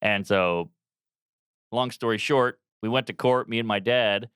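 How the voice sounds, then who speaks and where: Animated male comedian in his thirties, bright tone, crisp dry close sound. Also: fairly low pitch, measured pace, no echo. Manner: animated, bursts into loud yelps and put-on voices. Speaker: comedian guest. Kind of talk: comic storytelling on a podcast.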